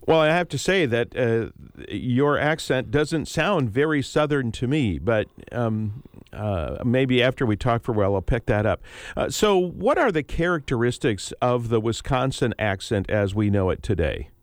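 A man hosts a public radio morning show from the studio, easygoing and chatty. His pitch moves around a lot as he talks. The close microphone leaves his voice dry with no room sound. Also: normal speed, dry recording. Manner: relaxed, conversational, frequent uh fillers. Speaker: radio talk show host.

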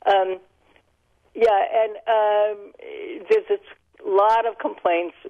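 A woman's voice: medium pitch, level tone, very slow. An older woman, a linguist, explaining ideas thoughtfully as a guest on a radio talk show, with light laughs now and then. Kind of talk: radio interview answers. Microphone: telephone. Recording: phone-line audio.

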